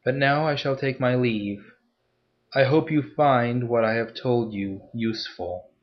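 Measured masked nobleman voiced by a man, formal, mysterious, calm, dull lo-fi sound. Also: medium pitch, natural voice. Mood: cool, persuasive.

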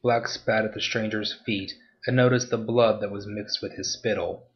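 A man giving a steady, scripted narration of a story. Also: fairly low pitch, normal speed, hardly any pauses, dull audio.

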